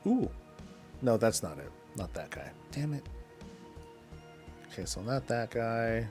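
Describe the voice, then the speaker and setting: A man's voice: medium pitch, sing-song, a little slow, darkish tone. A man streaming a video game, chatting loosely with viewers and answering their questions while he plays. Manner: rambling, answers chat between in-game moves. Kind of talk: casual live-stream chat while gaming. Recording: faint background music.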